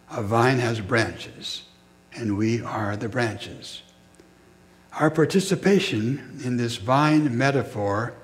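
A man preaching a sermon in a measured, reflective way, pausing between short phrases. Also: mid-range voice.

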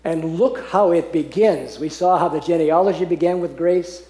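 A man teaching a Bible passage to a group, earnest and often laughing, slowing down to read verses aloud. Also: fairly high pitch, mellow. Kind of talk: teaching talk on scripture. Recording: echoey room.

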